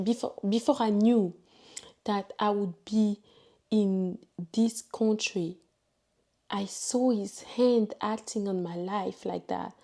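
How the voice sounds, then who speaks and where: Slow, mellow-voiced woman vlogger. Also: mid-range voice. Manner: earnest, reflective, halting with restarts. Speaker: vlogger sharing a faith testimony. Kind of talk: casual personal testimony.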